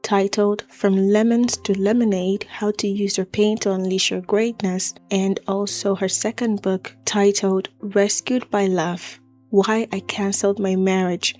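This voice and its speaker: A woman's voice: mid-range voice, level tone, measured pace, darkish tone, soft background music. A woman telling a true-crime story in a conversational, explanatory way, listing things in short phrases. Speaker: channel host and narrator.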